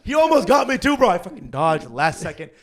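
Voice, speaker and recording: A young man co-hosting a comedy podcast, telling a family story in an animated way, acting out the people he quotes and laughing often. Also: sits high, fast, crowd noise. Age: young adult. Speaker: podcast co-host.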